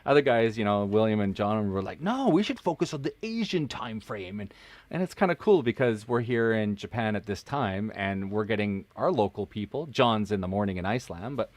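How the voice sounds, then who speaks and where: A man's voice: on the low side, fairly quick, dry recording. A man co-hosting a live podcast from home, chatting casually and joking as he thinks aloud. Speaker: podcast co-host. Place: home in Japan, streaming live.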